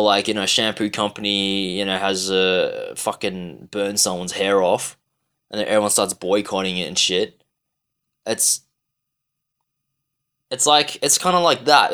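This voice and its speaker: A man's voice: lowish voice, fairly even intonation, moderate pace, a bit bright. An Australian man delivering a rambling, profane, exasperated rant to camera, full of fillers and restarts. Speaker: vlogger. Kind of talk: ranting monologue.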